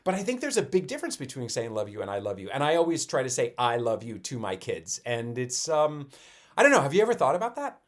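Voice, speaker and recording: A middle-aged man co-hosting a casual podcast and recounting family moments. His pitch sits mid but moves a great deal, rising and falling as he tells a story. He acts out bits of conversation as he goes. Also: fast. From Colorado. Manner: animated storytelling, with quoted dialogue. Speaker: podcast co-host. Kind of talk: casual chat.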